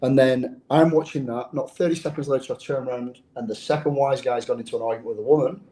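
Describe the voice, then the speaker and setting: Talking fast in a mid-range, fairly even voice, a man recounts his undercover days as a guest in a casual interview. His tone is dark and mellow, he's blunt and swears freely, and he often doubles back on what he's said.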